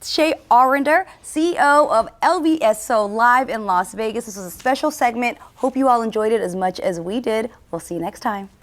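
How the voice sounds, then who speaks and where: A woman hosting a casual interview who asks quick questions and teases her guest in an upbeat, playful way. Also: on the high side, expressive, slight background noise. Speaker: interview host.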